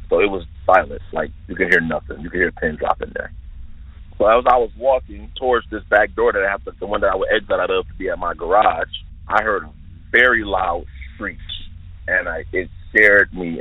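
Deep husky man on a tinny phone line. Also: no room sound. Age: 20s. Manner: careful, detailed, earnest storytelling. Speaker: listener sharing an encounter. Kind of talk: recounting a personal eerie experience.

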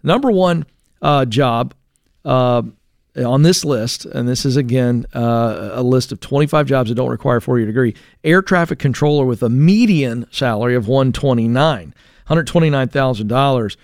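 This man co-hosts a call-in radio show, speaking at medium pitch and a moderate pace with a darkish tone. He reads from a list in a conversational way, with lots of fillers and restarts. The sound is studio quality with no room sound.

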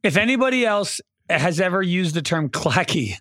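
A man co-hosting a podcast in casual chat with joking, deadpan asides. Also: high-pitched, moderate pace, no echo, studio quality. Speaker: podcast co-host.

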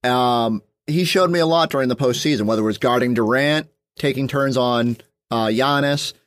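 A man in a casual podcast chat, working things out aloud with many restarts and fillers. His voice sits at an ordinary pitch, and the close mic leaves almost no room sound. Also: moderate pace, no echo. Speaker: sports reporter guest.

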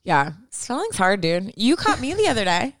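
A woman co-hosting a podcast in casual chat, talking with enthusiasm and animated storytelling. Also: medium pitch, moderate pace, no echo, clean studio sound. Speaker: podcast co-host.

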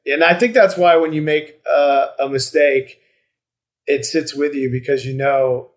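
A man's voice: a little high, a little slow. A man in casual podcast chat, talking in a reflective, rambling way with many restarts and fillers.

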